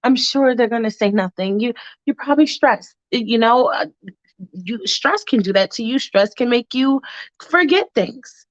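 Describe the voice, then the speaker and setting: A woman's voice: a little high, animated, moderate pace, no echo, dull audio, close to an everyday voice. A woman voicing an anxious young woman dancer who talks to her mother in an exasperated, urgent way.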